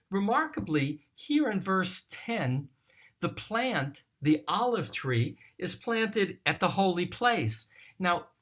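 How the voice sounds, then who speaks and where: A teacher giving a recorded study lesson on a psalm, reading verses aloud and explaining them in a slow, deliberate way. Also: medium pitch, a bit bright. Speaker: teacher of scripture.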